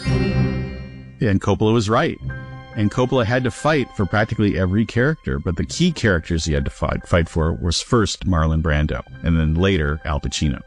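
A male author as interview guest, explaining film history in a measured, explanatory way. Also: low voice, expressive, faint music behind. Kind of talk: interview storytelling.

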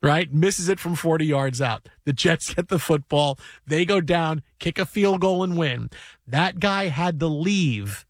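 A man hosting a sports radio show, telling a long anecdote with lively acted-out voices in casual talk from a studio. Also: a little high, unhurried, no room sound. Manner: animated storyteller, acts out voices in his anecdotes.

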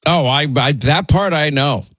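A man with a New York accent hosting a talk radio show, bantering and teasing his co-host in quick casual chat. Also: on the high side, fairly bright tone, dry recording. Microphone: studio microphone.

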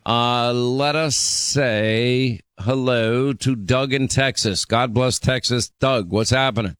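Brisk radio talk show host, man. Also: medium pitch, steady tone, a bit bright, clean tone, no echo, faint music behind. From Long Island, New York. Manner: brisk, chatty, teasing.

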